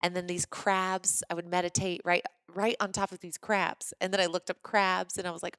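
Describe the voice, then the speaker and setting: A podcast host from Missouri, a woman with a mid-pitched voice, telling a personal story in an animated, chatty way. She leans on casual fillers as she goes. The recording is dry and close, with no room sound. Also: fairly quick, hardly any pauses, clear, resonant tone, no room sound.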